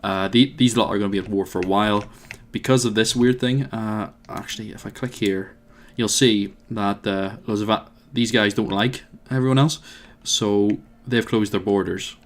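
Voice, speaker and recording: A man's voice: on the low side, steady tone, moderate pace, few pauses. A man with a Northern Irish accent giving let's play commentary, rambling and musing aloud to himself. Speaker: video game player.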